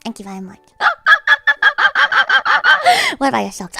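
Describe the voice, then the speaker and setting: A woman livestreaming in casual chat, rambling with lots of fillers and breaking into high-pitched laughter. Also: unhurried, creaky, long pauses, a bit bright, no room sound, soft background music. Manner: rambling, heavy use of "like".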